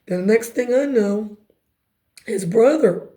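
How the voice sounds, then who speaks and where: Raspy woman, slightly high, warm tone; emphatic conversational testimony. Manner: emphatic, conversational, quick asides. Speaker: speaker giving personal testimony. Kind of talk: personal testimony storytelling.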